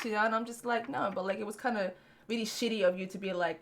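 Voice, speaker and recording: Fast and a bit bright, this woman's medium-pitched voice holds a steady tone. She's a young podcast co-host who laughs her way through blunt, profanity-filled stories in casual conversation.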